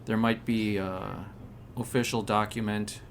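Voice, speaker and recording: A man with a low voice talks very slowly as a player in a tabletop game. His speech is hesitant and halting, full of ums, with faint hiss behind it. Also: little pitch movement. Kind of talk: in-character tabletop play.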